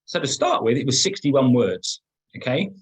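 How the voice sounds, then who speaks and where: Middle-aged man, slightly husky webinar trainer, emphatic, repeats himself. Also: mid-range voice, very animated, moderate pace, poor audio. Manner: emphatic, repeats words and restarts often. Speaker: business trainer. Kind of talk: webinar teaching.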